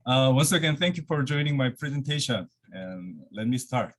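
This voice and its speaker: This man, a guest lecturer from Korea whose first language is Korean, delivers an academic talk by video call from his office. He sounds slightly winded, with lots of fillers and false starts, and his medium-pitched voice is expressive at a normal pace.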